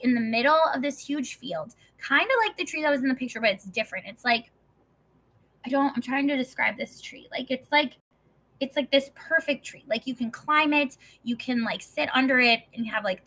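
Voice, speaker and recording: A woman's voice: fairly high pitch, bright, forceful tone, rough recording. A young woman in casual storytelling, rambling with lots of "like" and some swearing. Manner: rambling, heavy use of "like", swearing.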